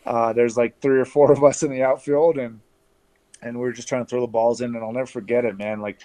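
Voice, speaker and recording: A man from Canada telling stories as an interview guest over a video call, relaxed and chatty with lots of fillers and restarts. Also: medium pitch, a little fast. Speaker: interview guest, former pro baseball player.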